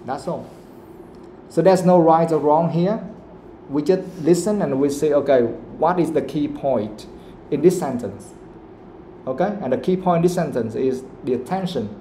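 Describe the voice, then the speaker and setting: A man with a Vietnamese accent teaches an English class, repeating and rephrasing his points. His voice is warm and dark. It sounds like an echoey room. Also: a little high, slight background noise. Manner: explains patiently, repeats himself, switches into Vietnamese to clarify. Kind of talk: live classroom lesson.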